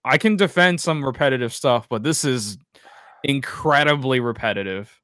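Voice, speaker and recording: A man's voice: medium pitch, moderate pace, fairly bright tone, no room sound, studio quality. A man co-hosting a casual podcast, bluntly giving his opinions on music videos in a chatty way full of fillers. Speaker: podcast co-host.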